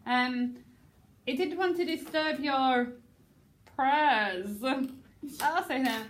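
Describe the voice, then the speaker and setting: A woman teacher directing a class drama rehearsal, brisk and joking, acting lines out herself. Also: high-pitched, slight background noise.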